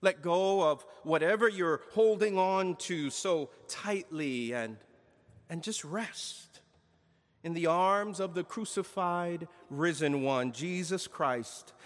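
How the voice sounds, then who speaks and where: Brief: male pastor, lively pitch, unhurried, preaching in a church with long reverb. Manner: slow, emphatic preaching with dramatic pauses. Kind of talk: sermon. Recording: long reverb of a large hall.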